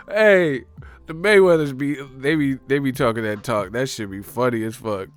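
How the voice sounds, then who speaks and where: Profane, riffing livestream host with faint music. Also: male voice, mid-range voice, normal speed. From San Francisco Bay Area. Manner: profane, laughing, slangy, animated riffing. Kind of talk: casual livestream commentary.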